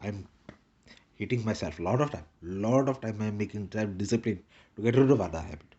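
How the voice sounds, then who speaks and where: Husky man with put-on Indian accent. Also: on the low side, lively intonation, a little fast, warm tone, highs cut off. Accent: put-on Indian English. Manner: repetitive, clipped broken-English phrasing. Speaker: vlogger. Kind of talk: rambling casual monologue.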